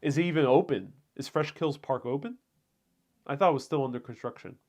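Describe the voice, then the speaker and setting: A man at a mid-range pitch hosts a casual live stream from home. He answers viewer comments in a relaxed, rambling way. His sentences are full of fillers and restarts. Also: fairly quick. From Puerto Rico.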